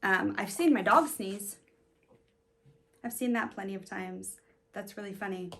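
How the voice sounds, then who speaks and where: A woman reading a children's picture book aloud in an animated, sing-song way, stopping to ask her young listeners questions. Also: medium pitch, measured pace, a little hiss or hum. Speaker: storybook reader.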